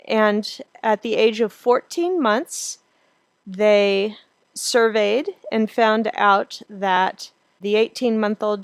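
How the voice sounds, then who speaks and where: A woman instructor explaining child language development in a clear, steady teaching voice. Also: medium pitch, dry recording. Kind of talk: recorded lecture.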